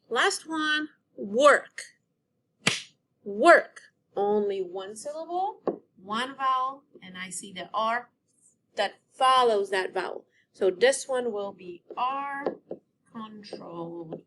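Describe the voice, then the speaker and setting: A woman's voice: fairly high pitch, bright, forceful tone, a little hiss or hum. Teacher woman sounding out words. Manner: slow, clear sounding-out of words. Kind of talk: recorded phonics lesson for children.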